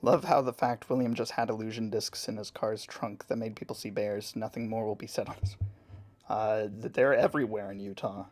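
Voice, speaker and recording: A man casually answering chat questions while drawing on a live stream, relaxed and chatty. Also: fairly low pitch, brisk.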